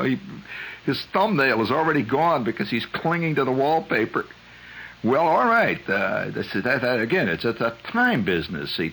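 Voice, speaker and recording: A man hosting a radio show, spinning a rambling, chuckling monologue that climbs high when he gets worked up. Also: gravelly, slightly rough, low-quality recording. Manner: digressive storyteller, chuckles often, voice climbs high when excited. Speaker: radio host.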